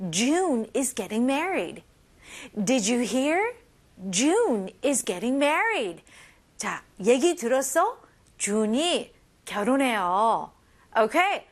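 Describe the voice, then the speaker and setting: A woman teaching English, her voice high and her intonation swooping widely. She is upbeat and expressive, moving back and forth between English and as she explains phrases and models them. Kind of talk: bilingual language lesson.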